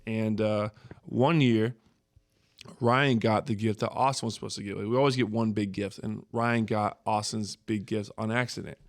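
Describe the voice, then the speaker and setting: A man's voice: lowish voice, moderate pace, no echo, studio quality. Young man telling a family story. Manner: animated storyteller, jumps to screaming impressions. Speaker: podcast host. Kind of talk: casual storytelling chat with brothers.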